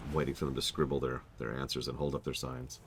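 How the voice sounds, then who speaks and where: A man's voice: rumbling low, quick pace, noisy background. A man streaming a game, chatting casually and joking while he plays. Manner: lively, joking, self-correcting. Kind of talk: casual gaming commentary.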